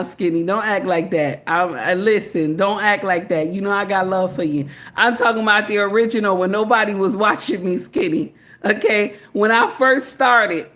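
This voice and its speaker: A woman's voice: medium pitch, a bit bright. This is a woman running a casual live-stream commentary, speaking straight to her chat. She talks emphatically, drawing words out and circling back to the same phrases, stopping to greet viewers by name. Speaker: livestream commentator.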